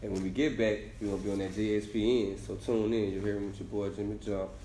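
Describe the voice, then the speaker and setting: A man's voice: fairly low pitch, level tone, fast, dark tone, slight background noise. A man hosting a casual show, laid-back and slangy, tagging lines with "you hear me". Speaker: show host. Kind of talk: casual chat. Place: indoor room on camera. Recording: roomy echo.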